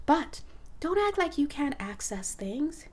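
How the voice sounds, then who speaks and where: Casting note: a woman intuitive counselor with a somewhat high voice, chatty, animated and quick to laugh. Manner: animated, laughs often, acts out conversations. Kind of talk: casual spiritual monologue.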